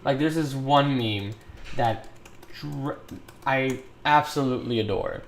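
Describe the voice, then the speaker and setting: On a livestream, a man models in 3D software while chatting casually, rambling, thinking aloud and laughing often. His voice is mid-range and he takes it slowly.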